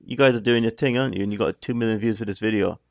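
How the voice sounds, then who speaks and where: This man's fairly low voice has vocal fry, and he talks very fast over slight background noise. As the host of a reaction video, he rambles chattily about the music, interrupting himself again and again.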